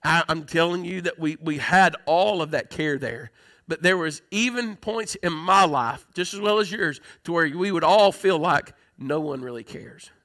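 A man delivers an impassioned sermon in a high, bright, ringing voice. He rises to emphatic, drawn-out declarations, then drops into hushed, tender stretches. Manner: impassioned preaching, swinging from loud emphatic peaks to hushed, tender passages. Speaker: pastor.

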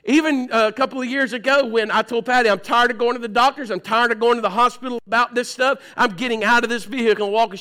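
A man, preaching a sermon and acting out his own stories. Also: extremely high pitch. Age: 40s. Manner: animated storytelling, acts out his own dialogue. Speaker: pastor.

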